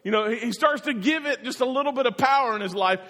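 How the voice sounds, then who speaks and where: A man preaches a sermon, telling the story in an animated way and acting out the voices. His voice is very high-pitched and fast, with long hall reverb on the recording.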